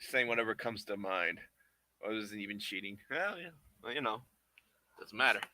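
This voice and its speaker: A man's voice: fairly low pitch, animated, moderate pace, sharp tone. A man making a puppet who chats casually and playfully with viewers, rambling and chuckling as he works. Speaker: puppet maker streaming live. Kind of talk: casual chat while working.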